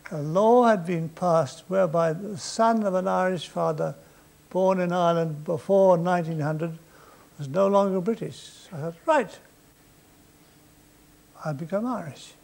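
A man's voice: sits high, normal speed, gravelly, a little mellow. An older man, a comedian, telling comic stories on stage with a dry, drawling delivery. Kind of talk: anecdotal storytelling on stage. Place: stage before a live audience.

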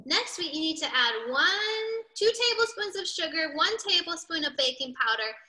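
An animated woman reads a storybook to children over a video call and keeps asking them questions. Her voice is high, very bright and swoops around a lot, like a teacher keeping young listeners engaged. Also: normal speed, low-quality recording. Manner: animated, asks kids questions. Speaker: children's cooking class teacher. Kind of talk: storybook read-aloud to kids.

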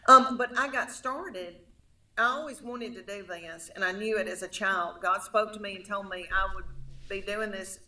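Woman in her 50s, thick rural Tennessee drawl, bright tone, folksy storyteller, casual chat. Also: mid-range voice, moderate pace. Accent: thick rural Middle Tennessee drawl. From Middle Tennessee, USA. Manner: storytelling, folksy, animated, calls people honey. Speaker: comedian guest.

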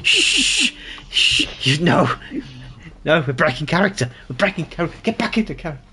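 A man's voice: a little high, big pitch swings, normal speed, bright, forceful tone, a little hiss or hum. A man streaming a co-op game with friends, joking and laughing often in casual banter over a headset mic.

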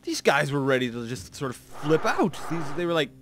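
Chatty, animated man narrating his gameplay. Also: fairly high pitch, brisk, noisy background. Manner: rambling, self-mocking, frequent restarts and fillers. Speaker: let's play commentator. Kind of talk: gameplay commentary.

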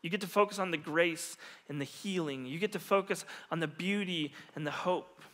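Man, middle-aged, pastor, earnest sermon storytelling, soft trailing endings, fairly high voice, echo of a large hall. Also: moderate pace. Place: church hall. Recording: long reverb of a large hall.

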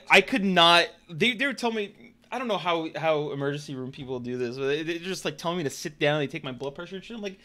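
A man streaming and telling a story to his chat in a casual, animated and profane way. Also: fairly high pitch. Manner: animated, profane, emphatic retelling.

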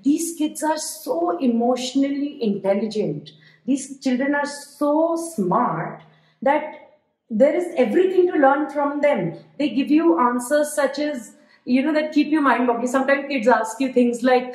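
A woman co-hosting a podcast in casual chat, giving advice to parents in a measured, explanatory way. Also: high-pitched, animated, a little mellow. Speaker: podcast co-host. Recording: echoey room.

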